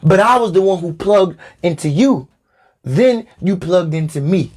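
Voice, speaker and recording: A man with a rather high-pitched voice delivers a spiritual podcast sermon. He stresses his points by repeating them and speaks directly to his listener in a preaching manner. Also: animated, a little slow, darkish tone. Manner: emphatic, repeats phrases for stress; addresses listener as "Divine". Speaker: spiritual teacher.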